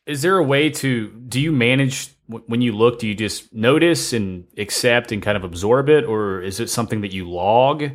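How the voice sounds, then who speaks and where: A man's voice: mid-range voice, normal speed, hardly any pauses. A man hosting a podcast, asking rambling questions and joking enthusiastically. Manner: jokey, enthusiastic, self-interrupting questions. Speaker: podcast host. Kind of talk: casual podcast interview.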